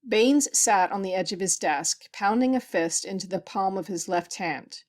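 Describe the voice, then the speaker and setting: A woman reading a science fiction story aloud as an audiobook narrator, with a steady, even delivery. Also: medium pitch, normal speed, hardly any pauses. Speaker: audiobook reader.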